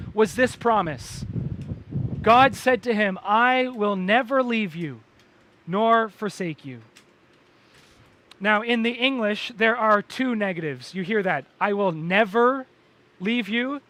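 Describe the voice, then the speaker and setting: A man preaches a sermon from a church pulpit. His voice sits high and sounds bright and forceful. He drives his points home with emphatic repetition and quick restarts. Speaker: pastor.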